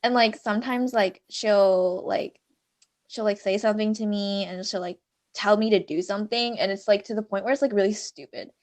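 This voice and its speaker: A woman's voice: mid-range voice, normal speed. A young woman co-hosting a podcast, telling stories in a casual, rambling way with lots of fillers. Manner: filler-heavy, animated storytelling. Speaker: podcast co-host. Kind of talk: casual chat.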